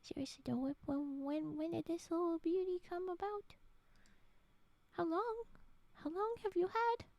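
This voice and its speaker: A woman chatting on her live stream between stories, rambling and giggly, often slipping into soft whispers. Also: very high voice, fairly even intonation, measured pace, vocal fry, long pauses, no echo. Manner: giggly, gushing. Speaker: streamer and story reader. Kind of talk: casual live-stream chat.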